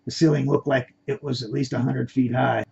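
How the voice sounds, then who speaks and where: Amateur male reader narrating his own story; plain delivery, stumbling restarts, husky voice, dull lo-fi sound. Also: mid-range voice, little pitch movement, fairly quick, darkish tone.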